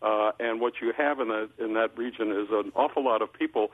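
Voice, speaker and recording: An older male political columnist on a phone line, talking in a measured way with many filler uhs and restarts. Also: fairly low pitch. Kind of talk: phone-in interview commentary. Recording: phone line, husky tinny sound.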